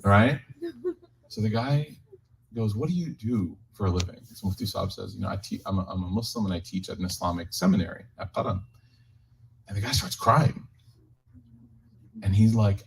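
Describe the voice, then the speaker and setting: Speaking with a lowish, creaky voice on a rough recording with some hiss or hum, an imam spins a joking tale for a live community audience in a gathering room. He then changes pace and leads a slow closing prayer.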